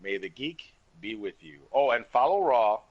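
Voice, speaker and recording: A man guesting on a gaming podcast, speaking softly and trailing off at the ends of lines. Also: medium pitch, lively intonation, normal speed, no echo, highs cut off. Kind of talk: casual podcast chat.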